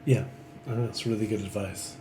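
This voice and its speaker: A man hosting a casual podcast, asking questions in a lively, jokey way. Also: fairly low pitch, a little fast, faint music behind. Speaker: podcast host.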